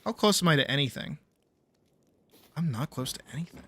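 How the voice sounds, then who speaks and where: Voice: medium pitch, expressive, fairly quick, bright, forceful tone, husky. A young adult game streamer chatting casually and swearing freely while playing. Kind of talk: casual gameplay commentary.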